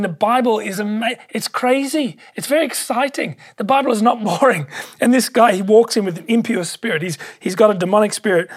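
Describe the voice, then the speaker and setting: A pastor preaching a sermon, emphatic and excitable, repeating key phrases for weight. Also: mid-range voice.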